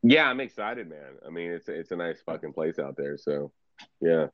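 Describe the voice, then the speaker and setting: A low-voiced man chatting on a video stream, relaxed and mocking, with swearing in nearly every sentence. The audio is dry and dull, like cheap webcam sound. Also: normal speed, no echo. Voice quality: heavy swearing, laid-back, teasing. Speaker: streamer and tarot card reader. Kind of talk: casual video chat banter.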